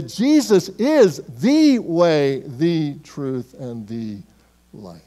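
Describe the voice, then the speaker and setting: A man preaching a sermon as pastor in a church, emphatic and swinging between loud declarations and hushed, quiet words. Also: on the high side, lively intonation, very slow. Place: church sanctuary.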